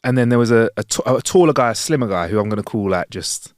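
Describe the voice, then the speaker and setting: A man's voice: medium pitch, lively intonation, quick pace, no room sound, studio quality. A man tells a long story on a podcast. He swears freely and acts out the people in it. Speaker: podcast co-host. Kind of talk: casual storytelling chat.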